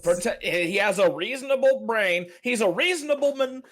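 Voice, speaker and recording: Teasing high-voiced podcast guy. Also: expressive, moderate pace, a bit bright. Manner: teasing, laid-back. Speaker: podcast co-host. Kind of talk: casual chat.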